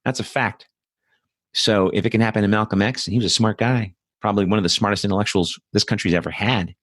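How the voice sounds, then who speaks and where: Blunt, low-voiced man ranting. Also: fairly even intonation, fast, a bit bright, dry recording, studio quality. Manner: blunt, profane, rambling with asides and mocking quotes. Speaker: host. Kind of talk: political commentary monologue.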